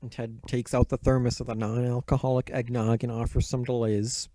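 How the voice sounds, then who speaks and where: A man's voice: mid-range voice, flat delivery, brisk, dark tone, no room sound. A man giving a casual recap of a book and movie, swearing constantly with sardonic, rambling asides.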